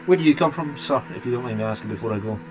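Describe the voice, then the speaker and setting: A man's voice: medium pitch, lively intonation, rapid-fire, over music. A Scottish man hosting a live stream and chatting casually with viewers, rambling and restarting his sentences often. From Scotland. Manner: rambling, hesitant, many restarts.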